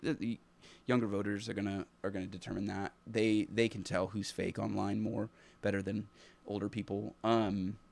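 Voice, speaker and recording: A man with a low, gravelly voice hosts a live stream. He thinks aloud in an earnest, reflective way, stopping and restarting often. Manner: halting, thinking aloud with many restarts and fillers. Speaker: teacher. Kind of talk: unscripted live stream commentary.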